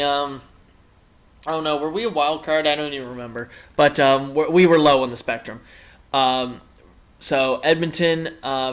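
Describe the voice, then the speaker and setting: A man's voice: a little high, a bit bright. A young man casually commenting on a hockey video game as its host, rambling with many fillers and the odd swear. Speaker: gaming channel host.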